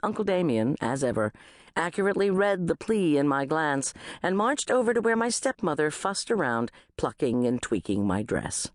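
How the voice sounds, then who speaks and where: Lively woman narrating an audiobook. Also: low-pitched, normal speed, no room sound, studio quality. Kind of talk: scripted first-person narration.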